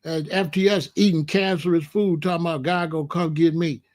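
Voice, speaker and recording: A man's voice: fairly high pitch, steady tone, fairly quick. A man in his sixties talking casually on a livestream, answering chat in a blunt, emphatic way and often repeating himself. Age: 60s. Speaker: host.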